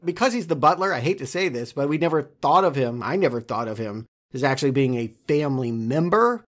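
A man co-hosting a casual film podcast, talking through a movie in an analytical, measured way. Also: medium pitch, expressive, fairly bright tone. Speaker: podcast co-host.

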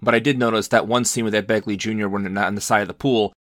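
A man's voice: on the low side, fairly even intonation, very fast, a bit bright, dry recording, clean studio sound. A man co-hosting a casual film podcast, thinking aloud as he recounts scenes. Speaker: podcast co-host.

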